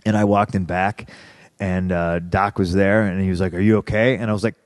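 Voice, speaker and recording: A man in his thirties, a podcast guest, telling a story in a profane, animated way and voicing the people he quotes. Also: sits low, normal speed, dry recording, studio quality. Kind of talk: candid storytelling interview.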